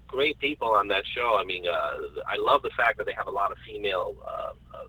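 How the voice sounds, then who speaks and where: A man's voice: fairly low pitch, animated, brisk, sharp tone, breathy edge, poor audio. A man in a casual podcast chat, enthusiastic and often repeating words while he searches for what to say.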